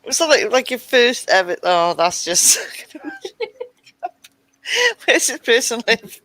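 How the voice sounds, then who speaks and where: A woman in a casual chat with friends, making bawdy quips and laughing loudly. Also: on the high side, animated, slow, dry recording.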